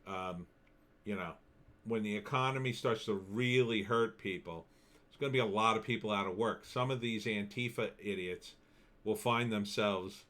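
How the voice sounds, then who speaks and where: Male vlogger, low-ish pitch, chewing gum while he rants in a loose, rambling way. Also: normal speed, a bit bright. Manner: rambling and opinionated, many fillers and asides. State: talking with gum in his mouth. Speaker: vlogger giving opinions. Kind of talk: casual opinion monologue to camera.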